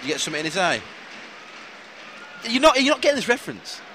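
Lively teasing man. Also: high voice, noisy background. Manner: teasing, quick-witted banter. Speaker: podcast co-host. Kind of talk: casual chat.

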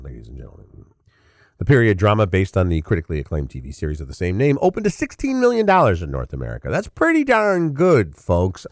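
A man's voice: sits low, dry recording, studio quality. A middle-aged man hosting a show of casual, opinionated entertainment commentary in a conversational way. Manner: conversational and opinionated, with frequent fillers and restarts.

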